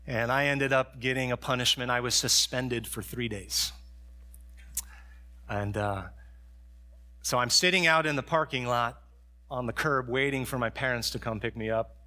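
A middle-aged male pastor preaching a sermon, dropping to soft storytelling and rising to raised, fervent preaching. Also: medium pitch, fairly even intonation, moderate pace, long pauses.

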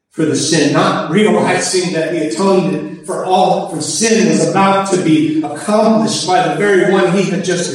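High-voiced pastor in an echoing church. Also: male voice. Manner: emphatic, repeats key phrases. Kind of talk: sermon. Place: church service. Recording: echoey, distant church recording.

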